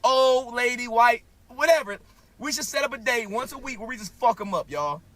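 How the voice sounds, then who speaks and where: A man's voice: very high voice, moderate pace, fairly bright tone. A man talking casually in a played clip, loose and provocative with slang.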